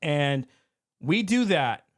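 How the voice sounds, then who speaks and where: A man's voice: on the high side, very slow. A middle-aged man who owns a security company, talking through an incident in a casual, conversational podcast manner. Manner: animated, conversational, repeats himself. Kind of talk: commentary podcast.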